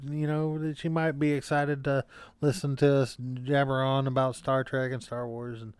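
Smooth-voiced joking podcast co-host man. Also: mid-range voice, steady tone, unhurried, no echo, studio quality. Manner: joking, rambling with fillers and restarts. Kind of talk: casual podcast banter.

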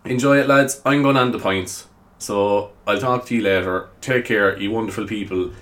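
A man's voice: fairly low pitch, moderate pace, a bit bright. A man from hosting a rambling solo podcast, self-mocking and chatty, swearing casually and calling his listeners lads. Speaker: podcast host.

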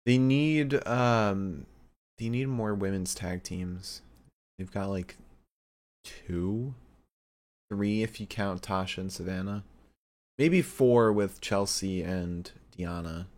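A man's voice: deep voice, slow, long pauses, a little mellow. A man co-hosting a podcast, recapping a show in rambling casual chat with lots of fillers and laughs. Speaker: podcast co-host.

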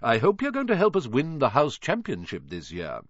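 A man voicing a stiff, formal old ghost gentleman with a pompous manner. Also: mid-range voice, huge pitch swings, normal speed, breathy edge, no echo, muffled recording, voice pushed up. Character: stiff, courtly old male ghost, easily miffed.

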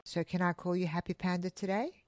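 A woman's voice: lowish voice, steady tone, fairly quick, over music. A woman co-hosting a podcast, chatting in an upbeat way and laughing easily. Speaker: podcast co-host. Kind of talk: casual chat.

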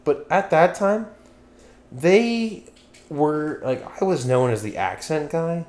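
A man's voice: fairly high pitch, expressive, takes it slowly, darkish tone. A young man from Pennsylvania hosting a podcast, chatting casually, rambling, swearing and losing his train of thought. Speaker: podcast host. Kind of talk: casual chat.

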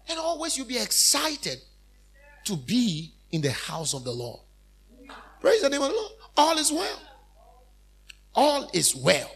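A male preacher with a high, husky voice swings widely in pitch as he drives his points home. He repeats phrases for emphasis and breaks into loud outbursts mid-sermon. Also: huge pitch swings, measured pace, pauses often. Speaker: minister.

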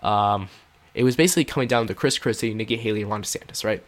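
A man's voice: lowish voice, quick pace. A man telling a first-person story in a casual, earnest way, with many fillers and restarts. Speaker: podcast host.

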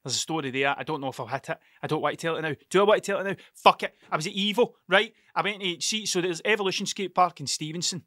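A man's voice: high-pitched, fast, few pauses, pushed and bright, no echo, studio quality. A Scottish man in his thirties with an Ayrshire accent, hosting a podcast and telling a rambling, sweary story that keeps wandering off track. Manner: sweary, digressive, restarts mid-sentence. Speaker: podcast host.

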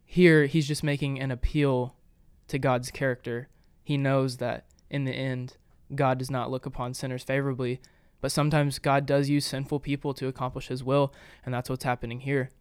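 A man talks through scripture in an earnest, explanatory way on a casual podcast. His voice is smooth and clear. The recording is dry and close, with no room sound. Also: medium pitch, flat delivery, moderate pace, few pauses, no echo. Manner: earnest, explanatory, with frequent fillers. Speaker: podcast co-host. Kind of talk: casual Bible discussion.

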